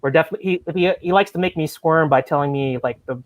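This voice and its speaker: Man, podcast host, high voice, dry close sound, eager rambling questions, video call. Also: quick pace, no room sound. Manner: chatty, eager questions, laughs often. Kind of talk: casual chat.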